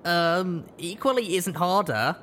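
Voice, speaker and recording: A man's voice: high voice, lively intonation, slow, a bit bright, slight background noise, pitched above the performer's own voice, full character voice. A man doing a scoffing young pony filly. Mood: dismissive. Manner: scoffing, dismissive. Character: dismissive young pegasus filly, older sister.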